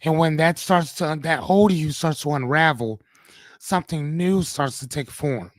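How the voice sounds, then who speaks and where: A man's voice: on the high side, normal speed, no room sound. A man hosting a live-streamed motivational talk, speaking casually, swearing freely and often checking in with "right?". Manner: casual, profane, keeps asking "right?".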